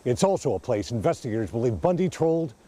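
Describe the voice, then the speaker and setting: A male TV news reporter giving scripted, dramatic crime-story narration in a measured delivery. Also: mid-range voice, sing-song, very noisy.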